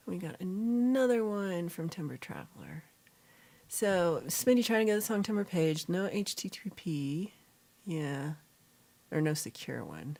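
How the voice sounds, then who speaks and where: A woman's voice: lowish voice, lively intonation, unhurried, creaky, a little mellow. A woman hosting a casual livestream chat, rambling with fillers as she reads out and answers viewers' comments. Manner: rambling with fillers and self-corrections. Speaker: livestream host.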